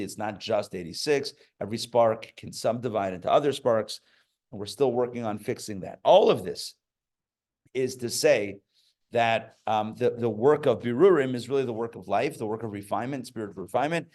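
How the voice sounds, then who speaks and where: Before a live audience, a rabbi gives a casual Torah class in a loose, chatty style, drifting into stories and joking asides. He often pauses to restart sentences and uses many fillers, speaking in a mid-range voice.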